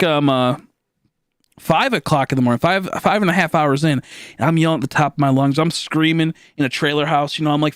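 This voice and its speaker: A young man streaming live, telling a long story in a rambling, animated way with lots of fillers and swearing, acting out his own shouts. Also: a little high, no echo, clean studio sound. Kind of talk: casual storytelling to a live chat.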